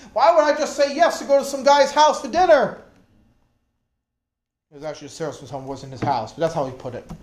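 A man preaching a sermon, telling his own story in an animated way and acting out the voices he quotes. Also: sits high, roomy sound. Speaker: preacher giving testimony. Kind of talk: sermon testimony.

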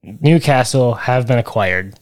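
Male podcast co-host, casual, wry, rambling explainer, average pitch. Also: a little slow. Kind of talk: casual chat.

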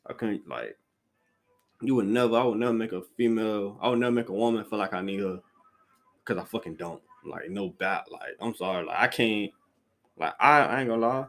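A man's voice: fairly low pitch, fairly quick, fairly bright tone. A man hosting a podcast, ranting casually about what he hates, rambling and repeating himself with blunt, profane slang. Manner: restarts sentences often, with lots of "like" fillers. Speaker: podcast host. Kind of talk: casual solo rant.

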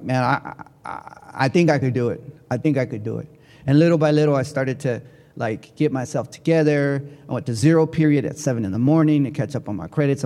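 A man giving a motivational keynote speech to educators, telling his story in an animated way with big swings in pitch and volume. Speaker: keynote speaker. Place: large conference hall. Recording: long hall reverb.

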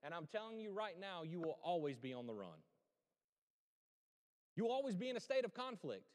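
A man's voice: sits high, fairly quick, big-room sound. A male pastor preaching a sermon, telling a story and asking his listeners questions. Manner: storytelling, animated, asks the crowd questions. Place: church sanctuary.

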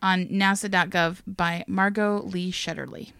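A woman's voice: lowish voice, fairly even intonation, measured pace, creaky, fairly bright tone, smooth, dry recording, clean studio sound. A woman hosting a casual chat podcast, retelling a history story with frequent laughs and casual swearing.

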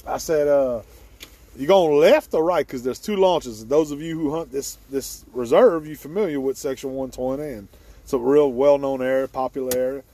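A man's voice: medium pitch, normal speed, dark tone. A man, hosting a hunting video and telling a story outdoors with frequent laughter. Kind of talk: casual storytelling. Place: outdoors at a boat launch before dawn.

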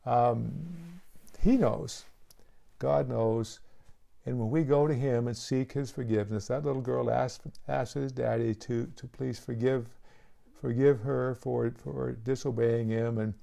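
Gravelly, mellow-voiced preaching man. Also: mid-range voice, steady tone, a little slow. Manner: earnest, pleading altar call with frequent restarts. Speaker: pastor. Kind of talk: sermon.

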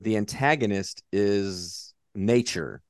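Low-voiced man rambling about movies. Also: takes it slowly, no room sound, studio quality. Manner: rambling, swears, acts out characters in quotes. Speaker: podcast co-host. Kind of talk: casual movie chat.

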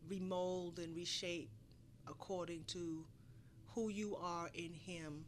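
A middle-aged woman, a guest on a casual podcast, musing earnestly and slowing down to reflect. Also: on the low side, steady tone, slight background noise. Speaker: guest, the host's mother. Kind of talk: casual round-table chat.

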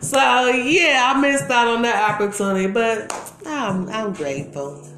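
With a fairly high pitch and a slightly slow delivery, a middle-aged former dancer from Milwaukee, Wisconsin, tells interview stories in candid, slangy casual talk, often going off on asides. The echoey room has loud music in the background.

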